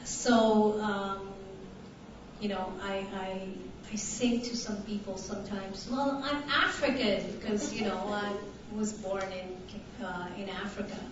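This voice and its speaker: A woman from Tanzania raised in Canada, giving a conference talk, slow and hesitant with many fillers. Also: medium pitch, flat delivery, background noise. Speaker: conference speaker. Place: conference hall. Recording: distant, echoey, muffled hall recording.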